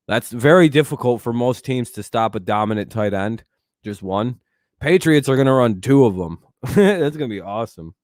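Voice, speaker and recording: A man hosting a loose live sports stream. He swears a lot, gets worked up and answers his chat as he goes. His voice is mid-pitched and sounds dry and close, with no room echo. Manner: excitable, profane, talks back to chat. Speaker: streamer host.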